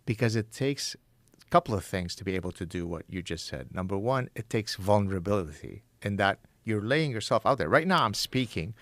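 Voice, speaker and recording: A middle-aged man, a professor and podcast guest, telling a story in animated, frank conversation with quick self-corrections. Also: on the low side, no room sound.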